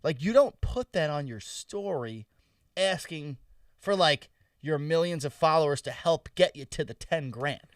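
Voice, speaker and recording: Lively, crude-talking man. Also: on the high side, measured pace, no room sound, clean studio sound, far from the mic. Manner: crude, teasing, lively interjections. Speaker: podcast co-host. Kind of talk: casual banter.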